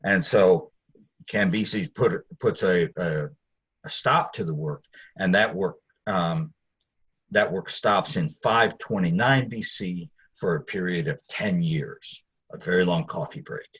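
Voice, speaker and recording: A man's voice: low voice, takes it slowly, a bit bright, husky. A man teaching a Bible study, conversational and digressive, with asides to his listeners.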